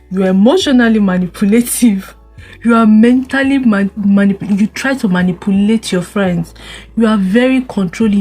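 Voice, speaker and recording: Young woman vlogger with a husky voice, chiding and repetitive. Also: mid-range voice, darkish tone. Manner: scolding rhetorical questions, repeats words, frequent laughs. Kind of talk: casual advice monologue to camera.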